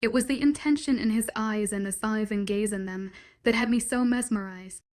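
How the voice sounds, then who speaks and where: Woman softly narrating a romance story. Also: a little high, moderate pace. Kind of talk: first-person romance story reading.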